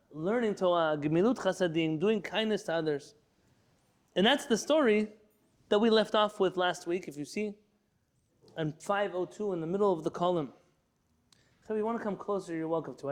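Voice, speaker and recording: A man with a high voice leads a class for students in the room, reading Hebrew lines aloud and then translating and explaining them. He teaches in a lively, storytelling way. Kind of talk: lecture class.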